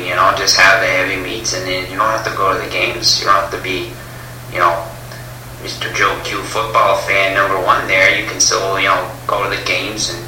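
A slow, rambling, dim-witted caller, as a man puts him on, with a bright, sharp tone. He drawls on without a point. The echoey room sits at a distance. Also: sits low, a little hiss or hum.

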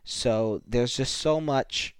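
A young man hosts his podcast solo, speaking slowly with a smooth, clear voice. He sounds earnest and a bit emotional, often restarting his sentences. The recording is dry and close. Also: medium pitch, dry recording. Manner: earnest, halting, grateful. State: a little emotional. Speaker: podcast host.

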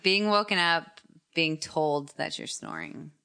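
A woman's voice: low voice, a little slow, creaky, pushed and bright, clean tone. A woman in casual chat, blunt and swearing, acting out her reactions. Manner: blunt, swears freely, acts out quoted reactions.

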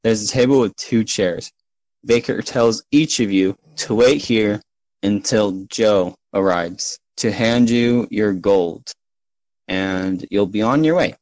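A man narrating as game master of a tabletop game, relaxed and full of fillers. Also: lowish voice, slow pace, no echo, poor audio.

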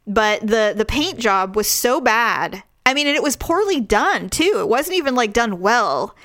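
An outspoken woman co-hosts a casual chat, acting out what people said in a lifted voice. Her voice sits a little high and the recording is dry, with no room sound. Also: unhurried, dry recording. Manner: animated, swears, acts out quotes in raised voice. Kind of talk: casual chat reviewing a TV show.

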